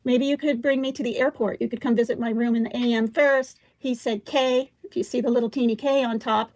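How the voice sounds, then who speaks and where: A woman's voice: a little high, fairly even intonation, a little fast, a little mellow, no echo. A woman hosting a casual livestream, reading text messages aloud and stopping often with fillers and asides. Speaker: livestream host.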